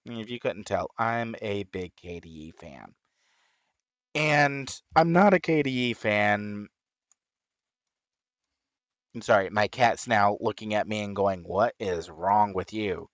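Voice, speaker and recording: A man chatting casually as he plays a game, rambling with sudden high excited whoops. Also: slow, long pauses, no room sound. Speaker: gaming streamer. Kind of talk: casual chat while playing.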